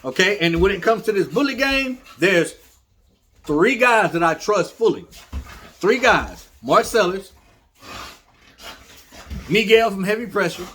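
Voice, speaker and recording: High-pitched guy venting about a stud fee, blunt, light hiss in the background. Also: a bit bright. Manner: blunt, repetitive, talks straight to viewers. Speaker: dog breeder. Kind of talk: casual storytelling monologue.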